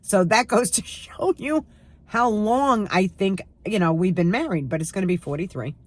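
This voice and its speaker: A woman's voice: mid-range voice, expressive, moderate pace. A woman in her sixties chatting casually to camera at home, sarcastic and emphatic as she tells stories. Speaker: lifestyle vlogger.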